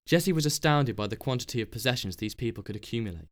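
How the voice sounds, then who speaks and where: A man's voice: medium pitch, lively intonation, fast talker. Man reading a novel aloud. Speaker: narrator. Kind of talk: scripted narration.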